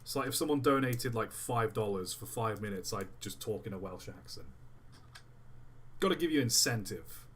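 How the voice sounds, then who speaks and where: A man's voice: fairly low pitch, animated, normal speed, slightly rough. A man streaming live, chatting casually and thinking aloud while he builds a model, often distracted mid-sentence.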